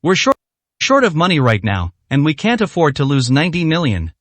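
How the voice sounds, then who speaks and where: A woman's voice: sits low, big pitch swings, a little fast, no room sound. A male narrator voicing a stern, commanding young woman chairman in a storybook reading.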